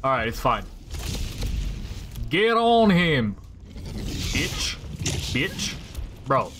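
A gamer in a tactical RPG mutters to himself about his rolls and curses out enemies in loose, swear-heavy commentary. His fairly high voice swings widely in pitch, sounds a bit bright, and moves slowly with long pauses over slight background noise.

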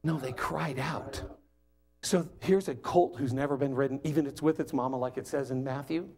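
A man preaching as a guest speaker, telling the story in an animated, joking, conversational way. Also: medium pitch, moderate pace. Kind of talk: sermon.

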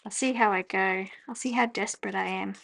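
A woman, chatting casually at her desk as she journals, laughing often and breaking into excited exclamations. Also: medium pitch, a little fast, gravelly. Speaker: journaling vlogger. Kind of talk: casual chat while journaling. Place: home desk.

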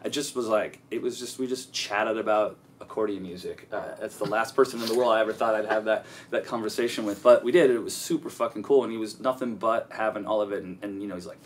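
A man telling stories as an interview guest, profane and rambling, with lots of halting restarts. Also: fairly low pitch, steady tone, a little hiss or hum. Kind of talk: casual storytelling interview.

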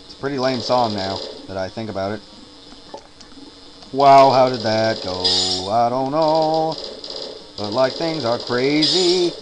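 A man's voice: medium pitch, slow pace, long pauses, background noise. A man giving casual commentary while playing a hard game, frustrated, swearing, and muttering and humming to himself while worn out from staying up all night. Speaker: let's player. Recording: game music loud underneath. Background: game music.

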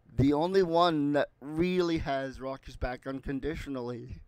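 A man's voice: medium pitch, darkish tone, clean tone, no room sound. A man casually reviewing a movie, retelling scenes and quoting the characters in his own voice.

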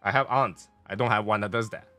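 A man talks through a casual review, rambling and playful. His voice is bright and dry, close to the mic. Faint music plays under him. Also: fairly low pitch, steady tone, a little fast, no echo. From Taiwan. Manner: chatty, rambling, playful tangents. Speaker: cigar and spirits reviewer.

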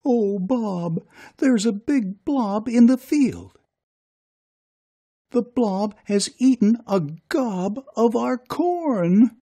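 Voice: mid-range voice, expressive, very slow, mellow, husky, voice pushed up, exaggerated voice. 語り手が演じる心配そうな農家の奥さん。絵本の読み聞かせで、高く震えるような声で、息の混じった柔らかい声質でゆっくり話す。. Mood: worried. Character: worried farm wife. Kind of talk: storybook reading.

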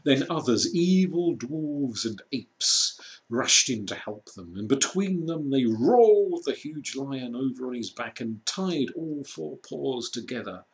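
A man reading a children's storybook aloud, slow and measured with dramatic pauses. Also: medium pitch, lively intonation. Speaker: reader.

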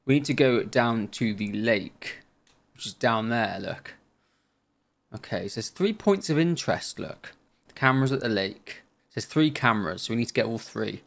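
A man's voice: medium pitch, gravelly. A man hosting a gaming channel, chatting through a let's play in an easygoing way and thinking aloud as he goes.

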